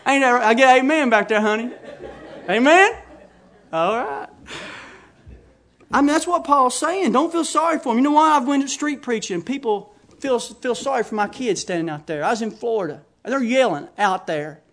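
High-pitched folksy preacher man. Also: expressive, moderate pace. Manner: folksy, emphatic, rising to shouting fervor. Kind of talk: sermon.

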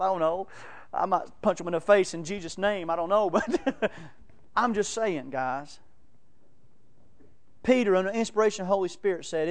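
A man preaching a sermon, telling folksy stories and laughing between them. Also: high-pitched. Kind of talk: sermon with storytelling.

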